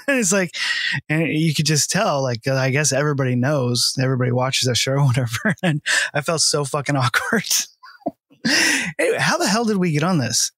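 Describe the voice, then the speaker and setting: A man's voice: a little high, lively intonation, moderate pace, fairly bright tone, no room sound. A man co-hosting a casual film chat, telling rambling stories with lots of fillers, laughs and swearing. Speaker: podcast co-host.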